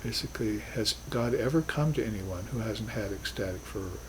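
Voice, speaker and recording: A man with a lowish voice speaks fairly quickly in this recorded lecture on spiritual philosophy, with background noise present. His delivery is earnest and reflective, marked by emphatic bursts.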